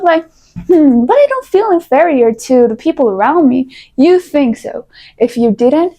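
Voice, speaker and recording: High-voiced young woman giving chatty advice. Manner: animated, coaching, playful asides. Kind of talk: casual advice talk to camera.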